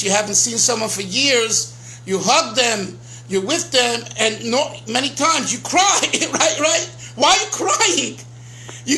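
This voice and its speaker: A man's voice: extremely high pitch, sharp tone, rough recording. A man, a rabbi giving an informal Torah lecture, earnest and emphatic, often restarting his phrases and mixing in Hebrew and Yiddish terms. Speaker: rabbi teaching a class.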